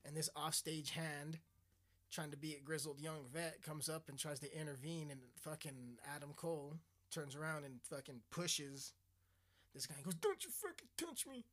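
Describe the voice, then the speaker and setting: A man's voice: fairly high pitch, flat delivery, moderate pace. A man hosting a podcast, ranting casually in a crude, rambling, mocking way. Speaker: podcast host. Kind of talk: casual profane rant. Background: loud music.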